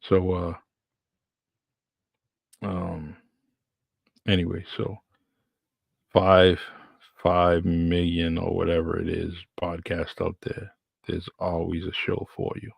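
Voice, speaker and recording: A man with a New England accent talks casually as a podcast host, rambling and circling back over his words. His voice sits low and flat, with a gravelly, husky edge. It is recorded dry and close. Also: slow, long pauses, dry recording. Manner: rambling, chatty, repeats himself. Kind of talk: casual solo podcast talk.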